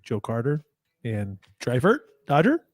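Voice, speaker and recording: A man's voice: medium pitch, measured pace, no room sound, clean studio sound. A man co-hosting sports radio, dropping wry questions and quips. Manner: wry, quizzing, deadpan questions. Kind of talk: casual sports radio banter. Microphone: studio mic.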